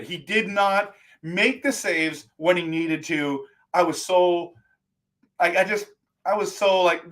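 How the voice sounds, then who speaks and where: High-pitched man, livestream host, fan rant, exasperated and animated. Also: a little slow. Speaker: live stream host. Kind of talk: post-game fan talk.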